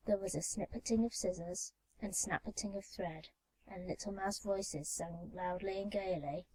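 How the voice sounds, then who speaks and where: Woman, calm gentle storybook reading, warm mellow tone, soft ASMR, binaural mic. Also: lowish voice, moderate pace, poor audio. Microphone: binaural microphone.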